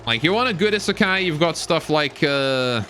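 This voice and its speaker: Bright-voiced British-Canadian gaming streamer. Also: male voice, fairly high pitch, lively intonation, normal speed, a little hiss or hum. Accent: British, now mostly Canadian. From Britain. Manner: chatty and rambling, reads viewer questions aloud. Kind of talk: casual live-stream chat while playing.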